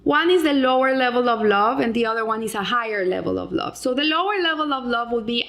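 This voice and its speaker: A woman's voice: high-pitched, animated, brisk, vocal fry, fairly bright tone. A middle-aged woman explaining a weekly Torah lesson in an earnest way, with frequent restarts and Hebrew terms. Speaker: Torah teacher.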